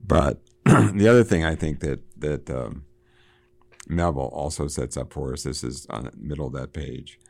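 Very deep gravelly man discussing a book. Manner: reads quoted passages with lifted pitch and emphasis, laughs often. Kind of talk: casual book discussion, reading passages aloud.

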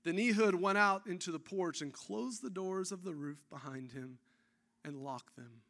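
A man preaching a sermon, telling a scripture story in an animated, excitable way with casual asides. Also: high voice, normal speed.

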